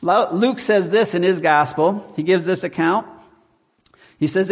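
A male pastor preaches from the pulpit with a somewhat high-pitched voice. He speaks in measured tones and slows deliberately when reading verses. The sound carries a long, echoing reverb from the church hall. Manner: measured preaching, slows to read scripture and hymn lines. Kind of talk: sermon.

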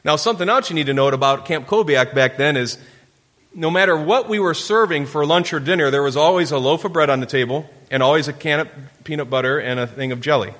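A man delivering a sermon in a church sanctuary, with a bright, forceful voice and a slightly high pitch. He tells his story with playful energy, putting on kids' voices. His words ring out with a long hall reverb behind them. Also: fast. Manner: storytelling with playful camper impressions. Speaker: pastor.

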